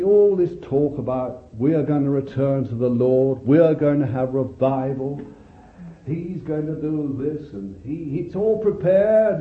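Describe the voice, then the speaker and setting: A man preaching a sermon, reading scripture aloud and exhorting his listeners. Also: on the high side. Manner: expressive Bible reading and exhortation. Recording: echoey, tinny old sermon recording.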